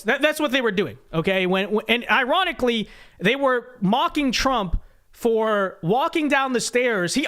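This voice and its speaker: A man's voice: very high-pitched, a bit bright. A young man hosting a casual live reaction show, rambling and emphatic as he talks straight to his viewers. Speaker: political commentary host.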